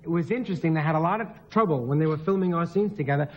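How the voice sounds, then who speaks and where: Brief: high-voiced male guest, giggly raconteur, acts out shouting relatives. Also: rapid-fire, dull audio, slight background noise. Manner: giggly, acts out quoted family members in loud voices. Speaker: talk show guest. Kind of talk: anecdotal chat.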